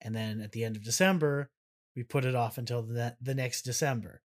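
A man's voice: medium pitch, a little fast. A man co-hosting a casual podcast, rambling and trailing off. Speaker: podcast co-host. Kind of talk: casual chat.

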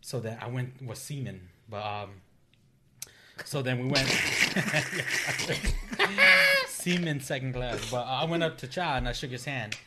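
A man's voice: medium pitch, a little slow, background noise. A young man casually recounting a school story among friends, loose and laid-back, swearing freely and acting out what people said. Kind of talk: casual chat.

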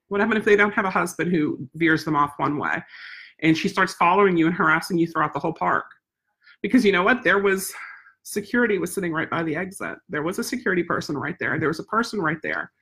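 A woman's voice: fairly low pitch, fairly bright tone. A woman vlogger casually telling a story in a rambling, repetitive, exasperated way. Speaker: vlogger, service dog handler.

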